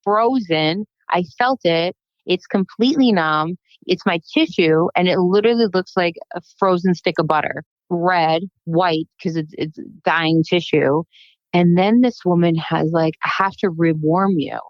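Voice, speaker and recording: A woman guest on a casual podcast, telling animated stories and acting out what people said. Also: on the low side, a little slow, no room sound. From United States. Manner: animated storytelling, acts out quotes. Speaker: guest, plastic surgeon. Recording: dull, muffled podcast recording.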